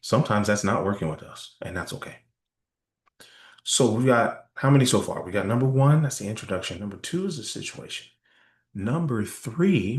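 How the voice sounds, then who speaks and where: A man's voice: on the low side, creaky, reverberant. A man giving a sales training talk in a conversational style, often checking in with "right?". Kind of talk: workshop presentation.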